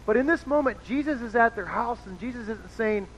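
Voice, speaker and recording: Speaking with an extremely high pitch, this man is animated and fairly quick, his tone a bit bright. As pastor, he preaches in a relaxed, talkative style and performs the voices of those he quotes, captured in muffled lo-fi audio with slight noise.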